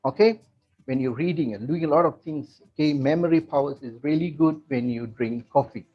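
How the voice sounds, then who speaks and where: Muffled animated male presenter. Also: on the high side, brisk, husky. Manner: animated, salesy, leans on repeated "okay". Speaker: company distributor giving a product talk. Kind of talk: presentation talk to members. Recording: muffled lo-fi recording.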